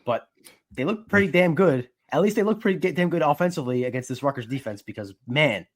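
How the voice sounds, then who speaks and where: A man's voice: on the high side, lively intonation, fast. Analytical male sports reporter. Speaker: sports reporter and podcast co-host. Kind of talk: casual sports podcast chat.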